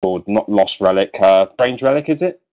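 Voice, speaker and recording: A man's voice: fairly low pitch, animated, moderate pace, a little mellow, muffled recording. A man hosting a casual podcast chat, talking with many ums and restarts. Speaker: podcast host.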